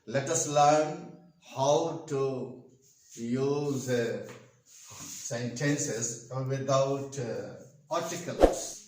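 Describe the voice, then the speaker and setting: An older man from India, a retired English teacher, explaining grammar slowly at a whiteboard with an Indian English accent and many hesitant pauses. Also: medium pitch, noisy background. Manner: slow, repetitive explaining with frequent hesitations. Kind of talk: classroom grammar lesson. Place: classroom with whiteboard. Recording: echoey room, far from the mic.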